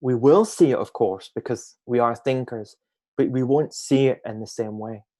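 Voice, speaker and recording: On a group video call, a male guest speaker offers reflective spiritual thoughts in a middle-pitched voice. He sounds gentle and musing, often stretching out key phrases slowly for emphasis.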